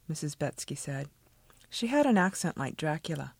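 A woman, the author, reading a passage from her own novel in a measured, expressive way. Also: low voice, gravelly, husky, dry recording.

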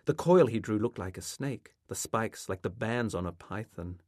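Low-voiced man reading his novel. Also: animated, normal speed, darkish tone, no room sound, clean studio sound. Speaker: author. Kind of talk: reading a literary novel aloud.

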